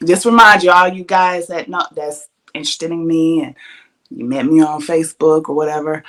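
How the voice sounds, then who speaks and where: A woman hosting a podcast, telling a story in an animated, casual way, with plenty of swearing and frequent laughs. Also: deep voice. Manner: animated, profane, laughs often. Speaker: podcast host.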